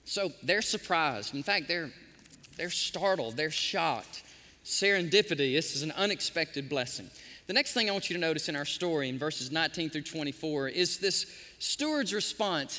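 Man, pastor, high lively voice, preaching in a big echoing hall. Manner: animated preaching, sometimes softly sings hymn lines. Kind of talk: sermon.

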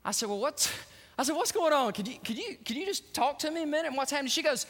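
A middle-aged man preaching a sermon, animated, acting out the voices he quotes and laughing often. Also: very high-pitched, quick pace, long reverb tail. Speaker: pastor.

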